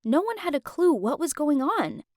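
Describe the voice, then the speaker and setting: A woman's voice: sits high, very animated, normal speed, no room sound, studio quality. A young woman narrating her own story in the first person, emotional and confiding.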